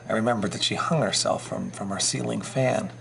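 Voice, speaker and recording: An actor playing an anxious young office worker in a 1990s game, talking in a shaken, halting way. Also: male voice, lowish voice, creaky, fairly bright tone. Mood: haunted. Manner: shaken, halting, unsure of himself. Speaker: game character.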